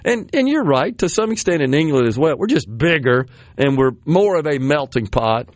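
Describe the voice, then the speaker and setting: A Southern American man in his sixties chats on a radio talk show, drifting from one memory to the next with frequent chuckles. His voice sits somewhat high, and the studio sound is dry and close. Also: animated, normal speed, no echo. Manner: rambling, reminiscing, laughs often. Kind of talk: casual studio chat. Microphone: studio microphone.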